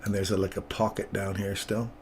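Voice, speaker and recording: A man with a lowish voice talks through his market charts in a relaxed, chatty way. He greets viewers by name as he narrates his trades live. A faint hiss sits under the recording. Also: fairly quick. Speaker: trading streamer. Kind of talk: live trading commentary.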